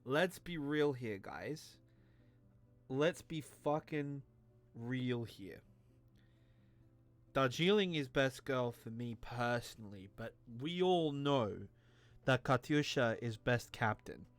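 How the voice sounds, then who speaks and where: A man's voice: medium pitch, lively intonation, slow pace, long pauses. A tipsy man hosting a let's play, rambling, joking, and swearing as he comments on a game.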